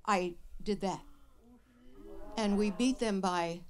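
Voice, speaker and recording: This is an older woman with a voice of ordinary pitch for a woman. She hosts a live advice show, and her answers are blunt and dryly funny. She tells her stories with plenty of energy. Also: slow. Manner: blunt, wry, lively storyteller. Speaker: radio advice host. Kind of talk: live show talk with an audience. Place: radio studio with live audience.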